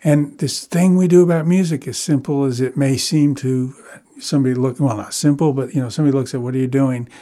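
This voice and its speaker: A man with a mid-pitched, mellow voice speaks in a measured way. He reflects at length and builds his thoughts step by step in a relaxed conversation.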